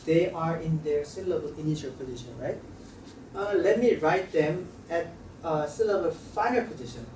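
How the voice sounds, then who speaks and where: A man teaching a language lesson, talking haltingly and repeating sounds to demonstrate them. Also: a little high, darkish tone. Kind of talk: classroom lecture at a board. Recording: roomy, slightly distant mic with faint room noise.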